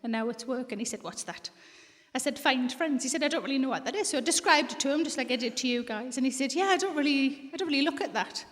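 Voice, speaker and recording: High-voiced woman comic in a big hall. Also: quick pace, hardly any pauses. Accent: North East English. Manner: bawdy deadpan storytelling, acts out quoted voices. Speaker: stand-up comedian. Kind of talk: stand-up comedy set. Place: large theatre with live audience. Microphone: stage microphone. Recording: reverberant hall, loud audience laughter.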